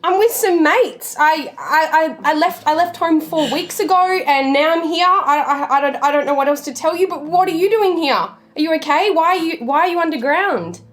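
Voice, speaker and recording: A woman with an Australian accent playing a tabletop game in character, excited and stammering. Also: high-pitched, moderate pace, few pauses. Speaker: player.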